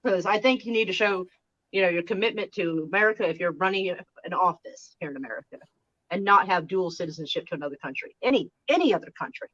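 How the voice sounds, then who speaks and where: A woman's voice: fairly low pitch, lively intonation, quick pace, a bit bright. Woman live-streamer from Oklahoma, casual and rambling, slightly dull mic. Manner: rambling, frank, trails off and restarts.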